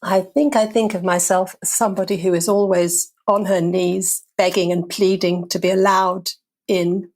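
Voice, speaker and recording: An older woman, an actor and playwright, chats in a casual interview. Her voice sits on the low side and she tells her stories wryly, poking fun at herself and laughing along. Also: flat delivery, moderate pace, darkish tone. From London, England. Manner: wry, self-mocking, laughs often.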